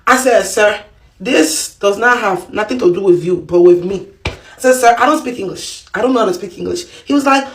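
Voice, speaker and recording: A woman's voice: mid-range voice, lively intonation, quick pace, reverberant, poor audio. A woman with an African accent telling a humorous story in a playful, self-mocking way. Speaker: vlogger.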